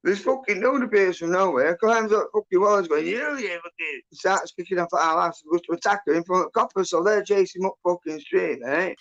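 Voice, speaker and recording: A rough, gravelly man tells a rambling story, cursing in nearly every line. His voice sits a bit high for a man. The audio is muffled and lo-fi. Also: brisk, few pauses, fairly bright tone. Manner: sweary, rambling, agitated. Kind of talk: casual chat, storytelling.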